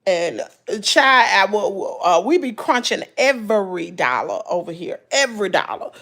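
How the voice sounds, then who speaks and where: A woman's voice: medium pitch, big pitch swings, normal speed, hardly any pauses, a bit bright. A woman with a Southern US accent chatting casually to her livestream viewers, folksy and preachy, repeating herself for emphasis. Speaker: YouTuber talking to live chat.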